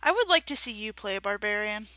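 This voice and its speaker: A woman's voice: mid-range voice, lively intonation, fast talker, pushed and bright, a little hiss or hum. A woman playing a tabletop game, chatting and teasing the other players. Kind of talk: casual chat at a game table.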